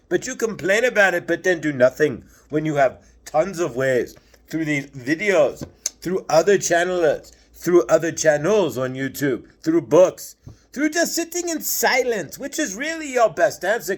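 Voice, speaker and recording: A man's voice: high voice, sing-song, measured pace. A man channeling a patient, preachy male spirit master, lecturing through earnest rhetorical questions. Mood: earnest, urging.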